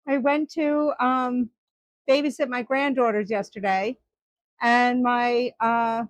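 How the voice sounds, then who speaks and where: Older woman, unhurried chatty vlog talk, slightly high voice, dry close sound. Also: steady tone, no room sound. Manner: chatty, laughs often while telling a story. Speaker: woodturning vlogger. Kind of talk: casual chat to camera.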